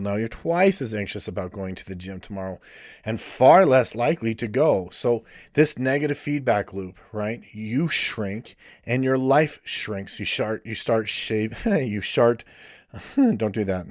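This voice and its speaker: A man's voice: lowish voice, dry recording, clean studio sound. A male counselor giving a blunt, ranting podcast monologue and swearing freely.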